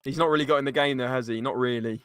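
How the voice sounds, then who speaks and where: A man's voice: medium pitch, steady tone, very fast, fairly bright tone, smooth, no echo, clean studio sound. A man co-hosting a live match watchalong, chatty and arguing his points while reading out the chat. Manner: chatty, reasoning, reads out the chat. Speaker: watchalong co-host.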